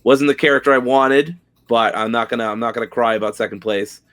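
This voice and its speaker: A man's voice: mid-range voice, fairly quick, fairly bright tone. A young man co-hosting a casual gaming podcast, talking with loose, enthusiastic energy and casual swearing. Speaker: podcast co-host.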